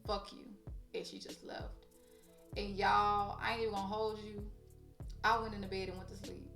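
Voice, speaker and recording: A woman's voice: medium pitch, level tone, normal speed, fairly bright tone, far from the mic. A woman vlogger telling a story in casual chat, blunt and profane, talking straight to her viewers. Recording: roomy echo, off-mic, faint music.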